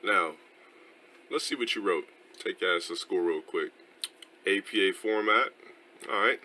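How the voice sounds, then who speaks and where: A man's voice: sits low, measured pace, bright, forceful tone. A man streaming casually, reading through an essay with profane, joking asides, played from a stream clip.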